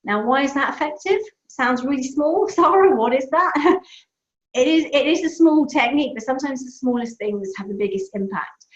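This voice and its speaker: A high-pitched woman speaks at a normal speed as a breakup coach, offering upbeat advice during a live question-and-answer talk. She's animated, telling stories and acting out the voices in them. The room is echoey and the lo-fi sound is dull.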